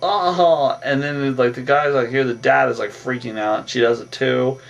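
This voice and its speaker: A man's voice: mid-range voice, little pitch movement, moderate pace, vocal fry, recorded from a distance, dull audio. A man casually recapping a movie plot in a rambling way, with lots of fillers and restarts. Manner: rambling, filler-heavy retelling with repeated "on that". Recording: voice from away from the mic with faint music.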